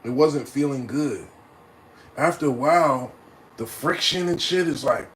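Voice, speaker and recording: A man telling a personal story in a casual, animated way, often laughing and adding "right?" to his lines. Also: medium pitch, measured pace, slight background noise. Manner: acts out voices and loud cries.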